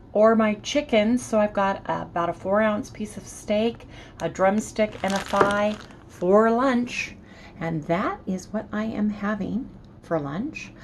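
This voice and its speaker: A middle-aged vlogger with a medium-pitched voice chats casually and upbeat, talking straight to her viewers on a handheld phone. The recording is low quality with slight background noise.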